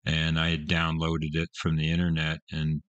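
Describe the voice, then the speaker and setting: A man's voice: very deep voice, monotone, normal speed, a bit bright, clean tone, highs cut off. An older man hosting his own music channel, talking casually and enthusiastically, rambling with fillers and restarts. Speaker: music reaction channel host. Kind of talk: casual solo talk to camera. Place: home room with construction noise outside.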